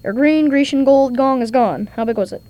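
A woman's voice: fairly high pitch, fairly quick, a little mellow, natural voice. A woman voicing a self-important male detective, reading his lines emphatically in a story read aloud. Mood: emphatic. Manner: emphatic, tongue-twister reading.

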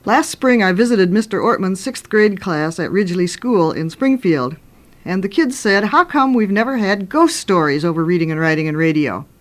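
An older woman, a radio host and children's author, telling ghost stories in an animated, dramatic way, with sudden loud bursts and hushed turns. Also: mid-range voice, moderate pace. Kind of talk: storytelling on radio.

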